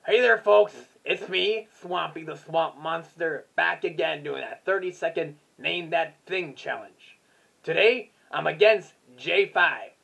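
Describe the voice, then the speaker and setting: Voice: mid-range voice, measured pace, vocal fry, fairly bright tone, breathy edge, exaggerated voice. A puppeteer voicing a friendly swamp monster who hosts a quiz challenge, talking in a chatty, easygoing way.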